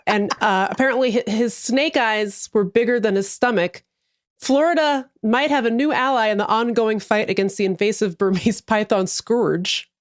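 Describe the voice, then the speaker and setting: A woman with a higher voice, co-hosting a casual podcast. She is jokey and playful and reads items with mock gravity. Her voice sounds dry and close to the mic. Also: normal speed, dry recording. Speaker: podcast co-host. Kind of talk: casual chat.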